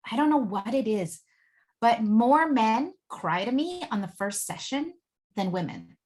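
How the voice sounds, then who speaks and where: Animated higher-voiced woman relationship coach. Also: unhurried. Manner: animated storytelling with lots of fillers. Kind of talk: podcast interview guest.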